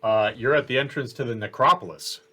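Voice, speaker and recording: A man narrating as game master of a tabletop game, in a halting way with many fillers. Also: mid-range voice, sharp tone.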